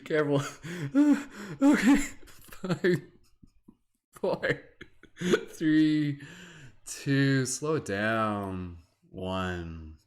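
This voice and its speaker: A man's voice: medium pitch, expressive, drawn-out words, long pauses. A young Canadian man hosting a live-streamed guided meditation, chatty and giggly, with many fillers. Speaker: meditation host.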